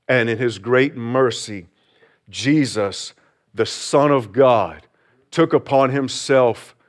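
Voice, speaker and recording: A man preaching from the pulpit, his voice sitting in an ordinary middle pitch. He opens softly and prays aloud, then leans into slow, emphatic phrases that climb as he presses each point home. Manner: builds from quiet intro to fervent preaching, slow emphatic phrases. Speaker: pastor. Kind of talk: sermon.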